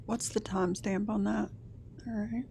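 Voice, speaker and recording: A woman's voice: mid-range voice, steady tone, moderate pace, creaky, warm tone, husky. A woman co-hosting a livestream, reading viewer comments aloud and answering them in a wry, sarcastic tone. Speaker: co-host reading chat. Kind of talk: casual livestream chat.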